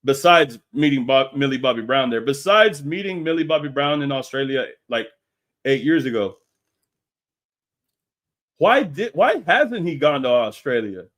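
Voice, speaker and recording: A man's voice: mid-range voice, animated, moderate pace, a bit bright. A man hosting a casual live stream, talking in a slangy, profane way and laughing often.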